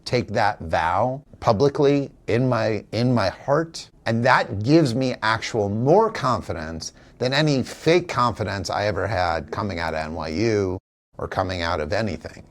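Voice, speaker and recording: A man's voice: lowish voice, animated, a little slow. A man in an interview, telling a personal story in an earnest, reflective, emotional way. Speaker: actor, interview guest; father and teacher. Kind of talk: candid conversational storytelling.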